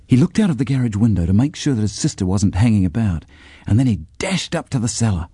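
A man narrating a children's storybook with an expressive, varied delivery. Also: on the low side, fast talker, slightly rough, no room sound, clean studio sound. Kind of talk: storybook reading.

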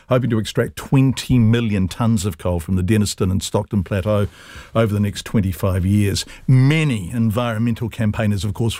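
A man's voice: fairly low pitch, vocal fry, a little mellow, no echo. New male radio host, dry studio sound. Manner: brisk, reads scripted links and listener messages. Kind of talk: live radio presenting.

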